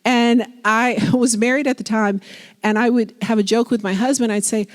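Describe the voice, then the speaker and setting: A woman in her forties giving a public lecture on leadership, lively and conversational, acting out the people she quotes. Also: on the high side, normal speed. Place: lecture hall.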